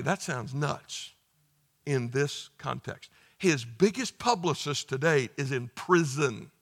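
A male pastor giving a conversational sermon, joking and then rising into emphatic, forceful bursts. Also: on the high side.

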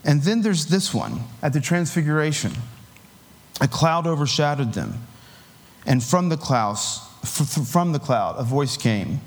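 A man delivers a sermon in a casual, talky manner, slipping in filler words and easy chuckles. His voice sits a bit higher than most men's. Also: very animated, unhurried. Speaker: preacher.

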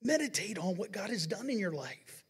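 A man preaching a sermon as pastor of a Pentecostal church, reading scripture dramatically, slowing down and building on the verses. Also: sits high, very animated, breathy edge. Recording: long church hall reverb.

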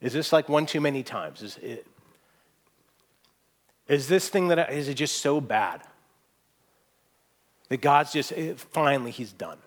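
A man preaching a sermon to a room, earnest and emphatic, climbing to strong peaks and dropping to soft, hushed asides. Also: medium pitch, lively intonation, measured pace, pauses often. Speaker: pastor. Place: church hall with audience.

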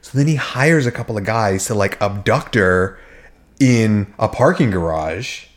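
A man's voice: fairly low pitch, lively intonation, unhurried. A man co-hosting a podcast, telling rambling, profane stories in casual chat with many restarts. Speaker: podcast co-host.

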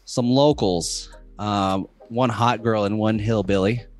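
A man's voice: fairly low pitch, steady tone, takes it slowly, soft background music. A man casually recapping a horror movie plot, rambling and filled with ums and uhs. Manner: rambling, filler-heavy retelling. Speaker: podcast co-host.

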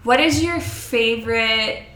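A woman co-hosting a podcast, chatty and quick to react while asking questions. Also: a little high, bright, forceful tone. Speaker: podcast co-host. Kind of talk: casual interview chat. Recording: echoey room.

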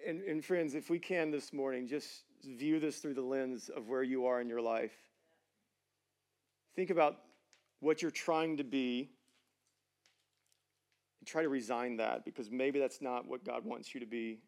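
A middle-aged pastor preaching a sermon in a casual, conversational way, with slangy fillers. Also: male voice, mid-range voice, unhurried, long pauses, a little mellow.

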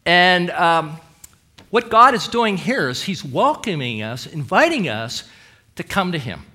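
A man preaching a sermon with emphatic delivery, dramatic pauses and quoted scripture. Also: high voice, sing-song, pushed and bright. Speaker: pastor.

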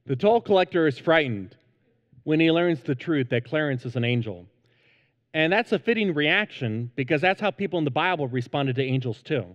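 A man's voice: on the high side, lively intonation, normal speed, long reverb tail, dull audio. A man preaching a sermon as pastor, earnest and emphatic, in a church sanctuary.

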